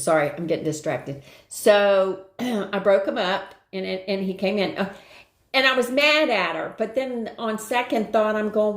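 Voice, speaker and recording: An older woman hosting a live stream, telling a rambling everyday story in casual chat and greeting viewers along the way. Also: medium pitch. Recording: roomy echo.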